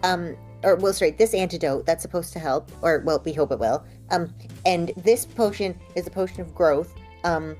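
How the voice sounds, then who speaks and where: A woman's voice: lowish voice, normal speed, darkish tone, soft background music. A woman playing a tabletop game who speaks in character in a hesitant way, with many ums. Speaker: player. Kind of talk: in-character storytelling.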